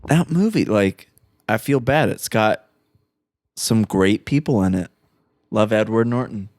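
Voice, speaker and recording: Low-voiced man riffing on a movie. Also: lively intonation, measured pace, a little mellow, no room sound, studio quality. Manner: loose, swearing, lots of "like". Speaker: podcast co-host. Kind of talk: casual movie chat.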